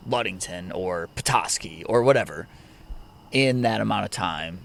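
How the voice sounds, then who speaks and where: A man hosting a casual podcast, talking reflectively with halting restarts. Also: low voice, expressive, creaky, a little hiss or hum. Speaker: podcast host.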